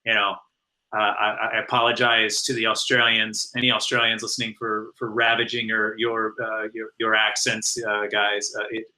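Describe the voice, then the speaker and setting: A man's voice: on the low side, completely flat delivery, normal speed, bright, forceful tone, poor audio. A man guesting on a podcast interview, talking casually with many fillers, restarts and laughs. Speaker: guest, animated series showrunner.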